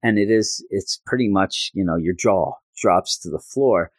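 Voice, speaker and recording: A man hosts a podcast, walking through a comic book story in an earnest, rambling manner. His voice sits low. The recording is dry, with little room sound. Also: a little slow, dry recording. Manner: earnest, rambling, many fillers. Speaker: podcast host.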